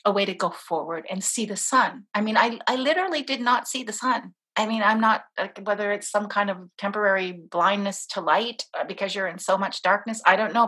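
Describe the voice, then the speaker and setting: A woman's voice: medium pitch, sharp tone, breathy edge. A woman, an interview guest, telling a personal story with strong emotion and frequent laughter. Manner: emotional, laughs often while telling stories.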